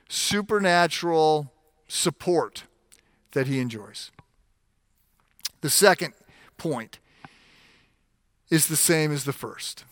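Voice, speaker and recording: Male pastor, slightly higher voice, mid-sermon, dry close sound. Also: smooth, no echo. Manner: animated, acts out the scripture voices; frequent restarts and fillers while explaining.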